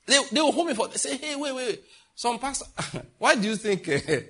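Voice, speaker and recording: A middle-aged man from Africa preaching a sermon as a pastor, emphatic and mocking, with sudden loud outbursts. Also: very high voice, sing-song, brisk, slightly rough.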